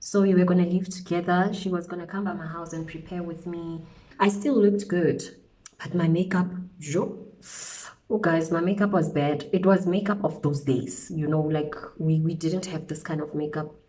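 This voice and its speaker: A young woman from South Africa, a beauty vlogger chatting through a storytime while she does her makeup, animated and peppered with slang interjections. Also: lowish voice, normal speed, poor audio. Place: indoors at home, windy outside.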